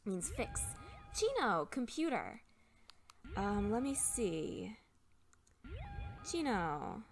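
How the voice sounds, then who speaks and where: A young woman talks through a game at her home computer, chatty and thinking aloud as she checks a dictionary. Her pitch jumps around a lot, with a faint bit of game music underneath. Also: sing-song, very slow. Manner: chatty, thinks aloud while looking words up. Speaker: let's play host. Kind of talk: casual game commentary, explaining Japanese words.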